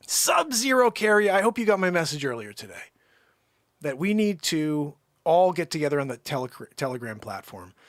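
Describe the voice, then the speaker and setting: Man, livestream host, casual chat, effusive shout-outs, rambling, slightly high voice, dry close mic. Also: dry recording. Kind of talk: casual live-stream chat with viewers.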